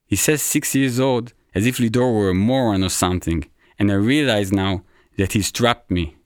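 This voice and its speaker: Low-voiced Israeli man reading his story. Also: moderate pace, dry recording, studio quality. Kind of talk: first-person story reading.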